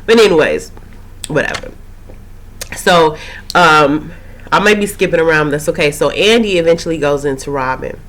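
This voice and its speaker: A woman recapping a TV episode in a casual, rambling way, her voice slightly hoarse after a cold. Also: sits low, normal speed, long pauses, a bit bright. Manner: chatty, rambling, with frequent fillers and asides. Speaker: TV recap host.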